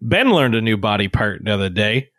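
A man in his thirties telling family stories in a casual podcast chat. His pitch leaps up and down as he acts out little quotes. The recording is dry and close, with no room sound. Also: fairly quick, no room sound. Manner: animated storytelling with childlike voiced quotes. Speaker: podcast co-host.

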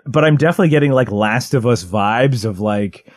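A man in his thirties, co-hosting a podcast in casual chat, rambling excitedly with lots of "like" and restarts. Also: medium pitch, brisk, no room sound. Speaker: podcast co-host.

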